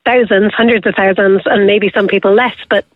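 A woman's voice: medium pitch, fairly even intonation, fairly quick. A woman speaking as a guest on a radio show, explaining things and correcting herself as she goes. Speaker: guest expert on scams. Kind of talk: radio interview. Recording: phone line.

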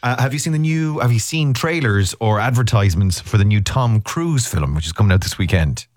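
A man's voice: on the low side, animated, brisk, a little mellow, dry recording, clean studio sound. A man in his thirties hosting a radio show, chatting casually with a co-host in a rambling, teasing way. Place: radio studio. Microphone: studio microphone.

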